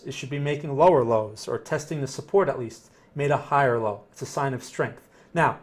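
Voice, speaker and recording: Man, slightly high voice, casual chart talk, talks through his thinking, answers viewer questions. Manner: conversational, thinking aloud while reading charts. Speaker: trading analyst host.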